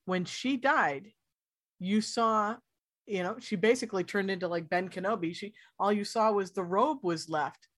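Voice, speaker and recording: A woman's voice: medium pitch, moderate pace, fairly bright tone, dry recording, clean studio sound. Woman recounting film scenes on a podcast. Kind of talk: casual film chat.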